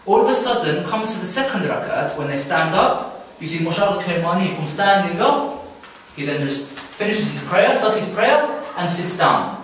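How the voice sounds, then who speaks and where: A young man giving a religious talk at a camp, telling a story in a lively way and acting out the people in it. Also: sits high, moderate pace, hardly any pauses, very echoey, distant mic, a little hiss or hum, rough recording. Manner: animated, acts out characters in the story. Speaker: camp speaker. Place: hall at a youth camp.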